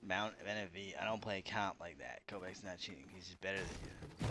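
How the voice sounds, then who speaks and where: A man's voice: low voice, a little fast. A young man streaming a game, ranting at chat in a profane, sarcastic, mocking way. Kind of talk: heated livestream rant. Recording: steady background noise.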